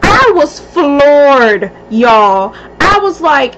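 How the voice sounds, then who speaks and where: A high-voiced woman tells a story at an unhurried pace, animated and swearing freely as she acts out what people said. The recording is dull and lo-fi with a faint hiss under it. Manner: animated, profane, acts out quoted speech. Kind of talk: casual storytelling vlog.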